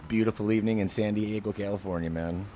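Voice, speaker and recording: Chatting with a co-pilot during a casual co-op flight sim session, a channel host explains the missions with enthusiasm. He talks fast in a fairly low, dark voice with fairly even intonation, and there's slight background noise.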